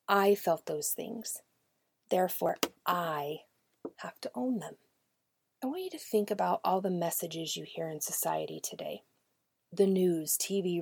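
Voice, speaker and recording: Soft-spoken husky woman podcast host. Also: on the low side, no echo. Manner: direct, conversational, often dropping to a near-whisper. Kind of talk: podcast talk to parents and educators.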